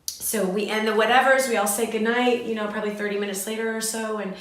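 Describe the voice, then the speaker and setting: A middle-aged woman from Southern California, telling a personal story in a candid, animated way with fillers and restarts. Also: on the high side, fast. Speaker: host. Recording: very echoey room.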